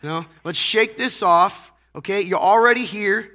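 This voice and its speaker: A hoarse, congested man preaching a casual sermon to a church congregation, teasing the crowd and asking rhetorical questions. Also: high voice, measured pace, bright, forceful tone. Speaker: pastor. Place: church sanctuary.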